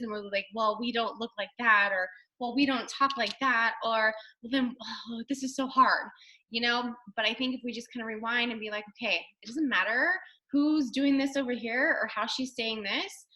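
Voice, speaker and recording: A woman's voice: on the high side, bright, forceful tone. A woman leading a casual team video call as a fitness coach, chatty and upbeat, full of fillers and acted-out quotes.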